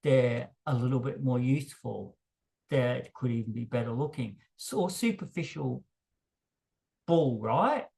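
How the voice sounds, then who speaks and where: Man, blunt unscripted monologue, emphatic, voice spikes high when riled, self-deprecating. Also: animated, unhurried, creaky, warm tone. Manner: emphatic, voice jumps higher when worked up. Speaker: vlogger.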